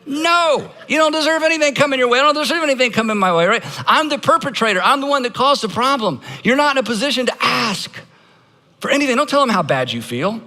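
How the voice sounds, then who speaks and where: A man's voice: very high-pitched, animated, fast, sharp tone, in a large hall. A man preaching a sermon to a live congregation, emphatic and leading them in practicing lines aloud. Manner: emphatic, leads congregation in call-and-response practice. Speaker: pastor.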